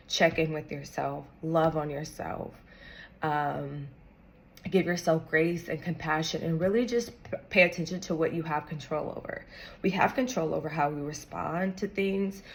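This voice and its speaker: Young woman vlogger, earnest and encouraging, casual slang, voice a bit low. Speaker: vlogger sharing a personal story. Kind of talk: heartfelt talk to camera.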